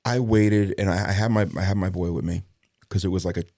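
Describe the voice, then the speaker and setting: A middle-aged man, a former police detective, telling a story in a casual interview, profane and animated, acting out the dialogue. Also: low voice, fast talker, no room sound, studio quality.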